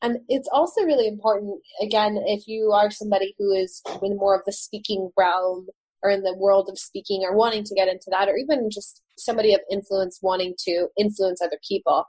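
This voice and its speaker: Female podcast co-host, mid-pitched and a bit husky, dry close sound. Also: a little mellow, no echo, rough recording. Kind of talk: casual podcast explanation.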